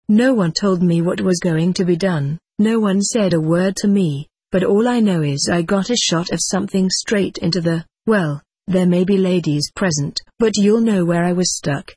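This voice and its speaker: Male memoir narrator, wry and dry delivery, husky voice, close and dry sound. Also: high voice, a little mellow, no room sound. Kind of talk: first-person memoir narration.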